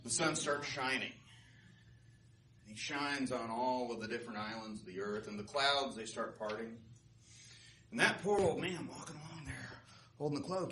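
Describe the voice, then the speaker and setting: A man's voice: medium pitch, moderate pace, long pauses, sharp tone. A man telling stories to a live class in a casual, chatty way, often checking in with his listeners. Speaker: storytelling teacher. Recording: roomy live class, distant mic, faint noise.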